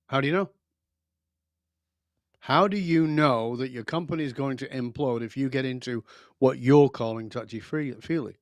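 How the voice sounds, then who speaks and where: A man with a fairly high voice talks as a guest on a podcast. He is blunt and emphatic and swears casually. The recording is dry and close. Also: no room sound. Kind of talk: podcast interview.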